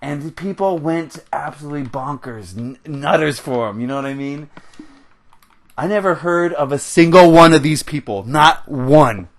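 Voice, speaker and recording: A young man from the United States talks over his gameplay in a fired-up, rambling rant, stopping now and then to laugh. His voice sits a bit high for a man. It sounds like a close headset mic. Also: expressive, normal speed. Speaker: gaming channel host. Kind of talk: ranting commentary over gameplay.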